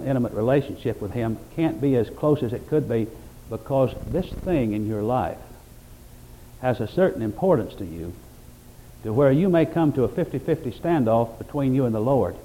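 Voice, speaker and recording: A man preaching a sermon, rising to loud emphatic peaks and dropping to quiet reflective passages, quoting scripture in old-fashioned wording. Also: medium pitch, animated, normal speed, a little hiss or hum, poor audio. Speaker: pastor.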